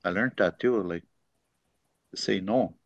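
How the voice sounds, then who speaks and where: A man teaching through unhurried stories, full of fillers and the tag "eh?". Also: sits low. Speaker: language teacher. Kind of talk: storytelling teaching talk. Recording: dry, dull lo-fi recording.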